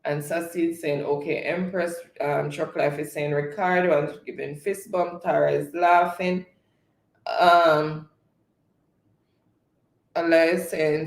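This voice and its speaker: Reading his viewers' chat messages aloud on a live stream, this man sounds laid-back and frequently breaks into laughter. His voice is a little high, and there's an echo in the room.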